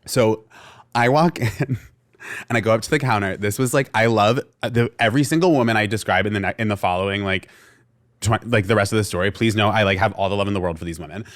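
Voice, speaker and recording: A young man from Vermont, co-hosting a podcast, tells a story in a casual, animated way and acts out the people in it. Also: fairly low pitch, fast. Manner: animated storyteller acting out quoted voices, lots of "like". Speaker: podcast co-host.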